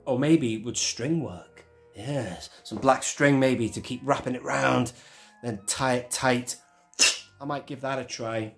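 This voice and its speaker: A man's voice: medium pitch, slow, vocal fry, slightly rough, faint music behind. A man hosting his own channel, talking through a hands-on toy tutorial in a chatty, rambling way that keeps correcting itself. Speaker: toy collector channel host.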